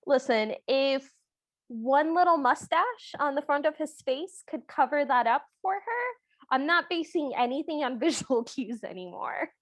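A woman with a high, light voice trades playful, deadpan quips on a podcast, laughing easily between lines. The recording is close and dry, with no reverb at all. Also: unhurried. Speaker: podcast co-host. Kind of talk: casual podcast chat.

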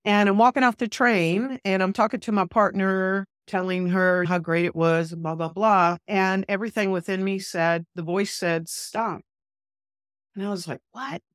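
A woman minister telling a personal story as a podcast guest, with an animated, earnest delivery that acts out the dialogue she quotes. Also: mid-range voice, normal speed, hardly any pauses, clear, resonant tone, dry recording, clean studio sound.

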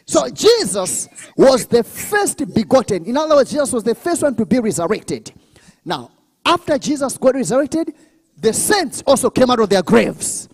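Preacher guy w a really high voice swinging all over, shouts and prays in tongues mid sermon. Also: very animated, normal speed, breathy edge, big-room sound. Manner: preaching with call-and-response, bursts of shouting and speaking in tongues. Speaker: pastor. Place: church service.

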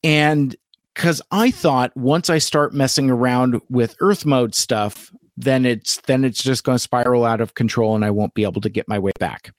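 A man's voice: medium pitch, no echo. Guy rambling through a toy review on stream, lots of ums and restarts, dry close mic. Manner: rambling, halting, many fillers and restarts. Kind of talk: casual live-stream review chat.

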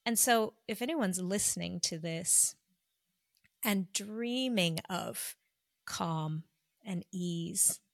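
A woman guest, a doctor, telling a personal story in an earnest, confessional way, slowing down for emphasis. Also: lowish voice, creaky, dry recording, studio quality.

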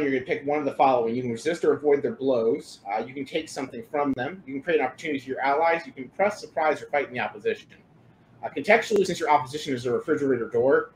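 A man's voice: medium pitch, a little hiss or hum, poor audio. A man running a tabletop game as game master, explaining the rules casually.

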